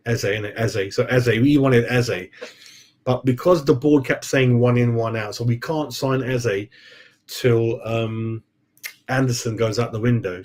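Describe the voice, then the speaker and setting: A man's voice: lowish voice, darkish tone. A man hosting a casual football fan live stream, rambling and chatty, calling viewers "mate" and forgetting names. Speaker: football fan channel host.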